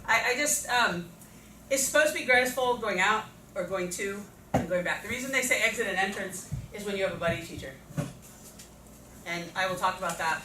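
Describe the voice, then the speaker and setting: Woman presenting a workshop, echoey room. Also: medium pitch. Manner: conversational, acts out students and teachers in quotes. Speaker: teacher trainer. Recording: echoey room from far off, noisy.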